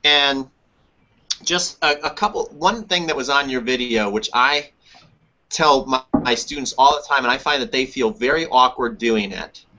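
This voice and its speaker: A man's voice: medium pitch, normal speed, sharp tone. A man who coaches tennis, talking in a casual webinar discussion and repeating words for emphasis. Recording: muffled lo-fi webinar audio.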